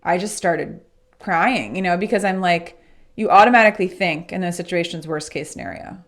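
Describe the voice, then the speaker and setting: A woman with a slightly low, gravelly voice, speaking as a guest in a casual podcast interview. She tells a personal story in an earnest, reflective way. Her tone stays conversational and sincere. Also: moderate pace. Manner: acts out remembered dialogue in lively voices.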